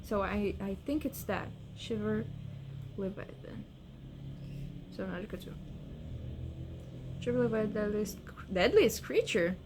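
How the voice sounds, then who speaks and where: Excitable young woman gamer, slow-talking. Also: mid-range voice, background noise. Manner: excitable, swings between scared and cooing over cute creatures. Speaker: gaming vlogger. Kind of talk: casual gameplay chat.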